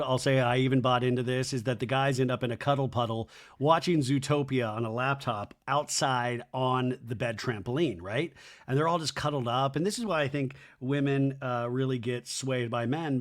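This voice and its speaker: A man hosting a podcast, recapping a reality show with sarcastic, crude jokes and high-pitched mocking impressions of the cast. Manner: animated, jumps into high mocking voices when quoting people. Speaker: podcast host.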